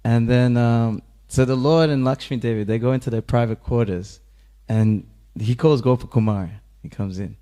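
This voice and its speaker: Leading an informal scripture class at a temple, a man with a mid-range voice and moderate pace narrates a story with great animation. He laughs frequently and performs the quoted voices.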